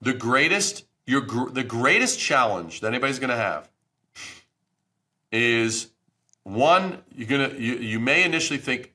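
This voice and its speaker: Brief: middle-aged male guest, bright forceful tone, blunt and profane, hammers his points. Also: mid-range voice, lively intonation, measured pace. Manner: blunt and emphatic, swears freely. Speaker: branding expert guest. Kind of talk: podcast interview.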